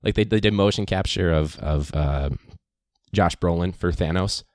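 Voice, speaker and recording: A man's voice: low voice, normal speed, a little mellow, dry recording, studio quality. A man, a teacher, hosting his podcast in a casual, rambling monologue full of fillers. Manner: chatty, rambling, many fillers.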